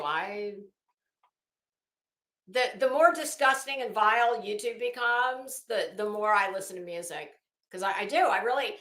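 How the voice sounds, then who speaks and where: Woman on a live stream reading chat names, chatty and cursing, bright voice, roomy echo. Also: mid-range voice. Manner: chatty, swears freely, greets viewers by name.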